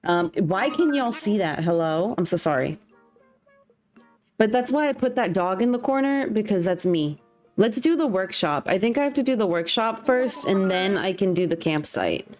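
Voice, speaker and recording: With faint music playing behind her, a young woman livestreams from home and vents bluntly in casual conversation as a streamer. Her mid-range voice has a darkish tone, and she speaks expressively at a normal speed.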